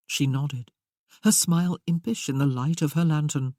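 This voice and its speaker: A woman reads a romance novel aloud in a measured, steady way. Her voice sits low with a warm, mellow tone. The recording is dry and close, with no room sound. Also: no echo. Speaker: audiobook narrator. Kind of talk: scripted romance narration.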